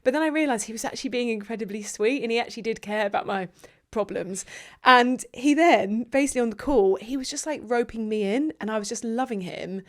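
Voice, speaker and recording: A woman co-hosting a podcast, telling a story in an animated, chatty way. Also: a little high, brisk. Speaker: podcast co-host. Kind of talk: casual comedic chat.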